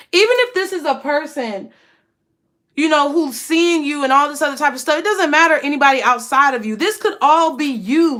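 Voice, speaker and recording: High-voiced woman giving a tarot reading. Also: fairly bright tone. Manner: emphatic, blunt, swears freely. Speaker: tarot reader.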